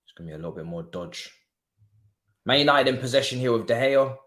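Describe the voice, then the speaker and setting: A man's voice: medium pitch, animated, quick pace, fairly bright tone. A young man streaming a live football watchalong, talking in slangy, exclamatory bursts and muttering asides to himself.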